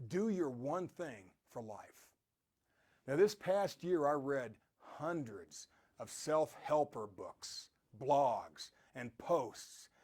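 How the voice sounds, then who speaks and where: A man talks through a motivational podcast in a loose, rambling storyteller's way. His voice sits high and swings widely in pitch. He keeps circling back to his point with plenty of restarts. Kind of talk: motivational talk.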